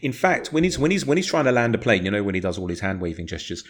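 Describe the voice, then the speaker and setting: Co-host, man, lower voice, passionate and combative in casual chat. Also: big pitch swings, very fast, breathy edge. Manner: passionate, argumentative, swears freely. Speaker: podcast co-host. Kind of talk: casual football podcast chat.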